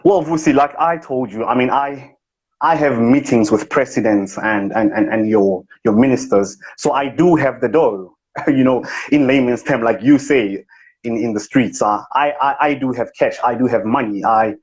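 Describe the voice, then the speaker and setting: A man speaking in a husky, mid-range voice at a moderate pace, close to how he normally sounds, mimics a bragging male motivational speaker with an affected posh accent. His boasting is smug and self-important, a comic bit in a live chat. The sound is dull and lo-fi, typical of a livestream.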